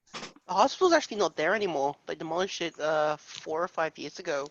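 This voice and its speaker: Low slow woman, kinda hesitant, lots of ums, dull lo-fi sound. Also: lively intonation, a little hiss or hum. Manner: hesitant, unsure, many fillers. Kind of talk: casual chat.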